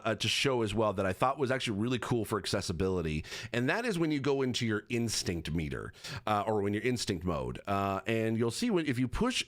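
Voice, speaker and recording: Rambling, low-voiced man reviewing a game. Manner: rambling with many fillers and restarts. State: has the hiccups. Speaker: gaming accessibility reviewer. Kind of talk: casual game commentary.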